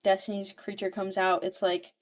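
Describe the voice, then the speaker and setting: A young woman on a book podcast recaps a plot in an easy, animated rush, with plenty of swearing. Her voice sits at an ordinary middle pitch. She sounds casual and unscripted. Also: moderate pace. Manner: profane, animated storytelling.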